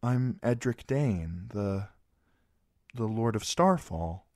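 A man's voice: on the low side, lively intonation, slow pace, a little mellow, no room sound, studio quality, pitched above the performer's own voice. A man voicing a shy, polite boy squire and young lord in a storybook reading, earnest and a little hesitant.

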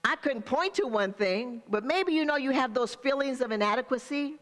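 A woman's voice: sits high, expressive, moderate pace, big-room sound. An older woman pastor preaching a sermon, speaking straight to the congregation with call-and-response asides.

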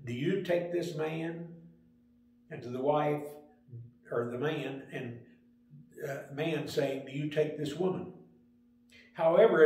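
Older male Sunday school teacher, slightly high pitch, easygoing storyteller, heavy room echo. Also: mellow. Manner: plain, unhurried storytelling with small restarts. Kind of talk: Sunday school lesson talk. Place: church room. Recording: very echoey room.

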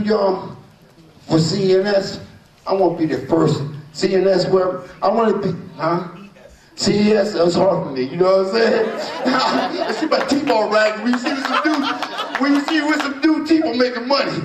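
A man's voice: high voice, creaky. An older man from New Jersey, a boxer at a press conference, talking in a rambling, boastful, playful way. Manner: rambling, boastful, playful, leans on "you know what I'm saying". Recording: echoey room from far off.

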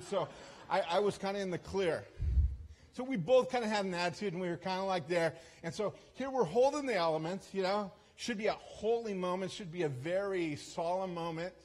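A man's voice: sits high, normal speed. A man as a guest speaker, telling a story in a sermon in a chatty, self-deprecating way, with frequent restarts and asides. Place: church service.

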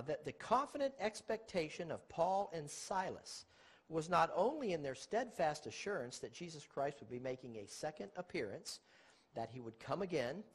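A middle-aged man delivers a Bible teaching sermon in a somewhat raised, husky voice. He poses rhetorical questions to his listeners and then answers them himself. He leans hard on the key words. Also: fairly high pitch. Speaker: preacher.

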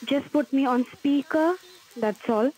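Woman, phone scammer, higher voice, patient, scripted, polite repeats. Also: a little slow, dark tone, low-quality recording. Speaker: scam caller. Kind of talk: phone call.

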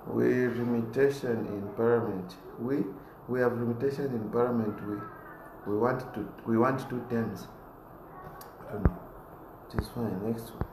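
A man who wants to be a politician reads viewer comments aloud on a live stream, laughing often and getting loud when he is fired up. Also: medium pitch, normal speed, pauses often, roomy sound, background noise.

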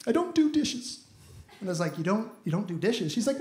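A man's voice: sits high, fairly quick. A young man performing a stand-up comedy set, telling stories and acting out the dialogue. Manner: animated storytelling, acts out dialogue. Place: comedy club stage with live audience. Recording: echoey club room, audible ambience.

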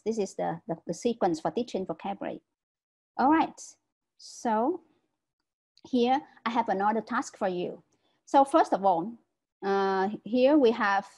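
A woman's voice: mid-range voice, darkish tone, rough recording. A woman giving an online lecture as a teacher trainer over a video call, explaining step by step and often checking understanding with "right?".

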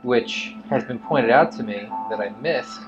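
A man's voice: medium pitch, unhurried, music in the background. A man teasing and joking as he plays through a game, reading its text aloud. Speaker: co-player in a let's play. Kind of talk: casual gameplay chat. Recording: dull lo-fi audio.

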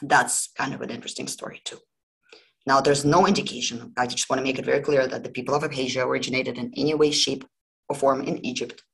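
A woman's voice: extremely low pitch, fairly even intonation, fast talker, vocal fry, rough recording. A woman hosting a history podcast, retelling fairy tales in a chatty, informal way with many asides. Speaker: podcast host. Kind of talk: casual storytelling.

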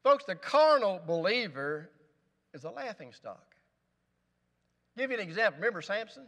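A man's voice: sits high, very animated, moderate pace, fairly bright tone, big-room sound. A male pastor preaching a sermon in a church, with rising emphasis and rhetorical questions. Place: church sanctuary.

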